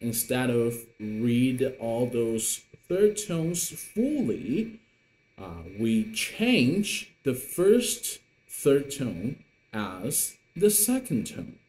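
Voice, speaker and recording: A man's voice: medium pitch, very animated, very slow, a little mellow, a little hiss or hum. A man teaching an online lesson in English, patient and repetitive, with many fillers. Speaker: Mandarin teacher.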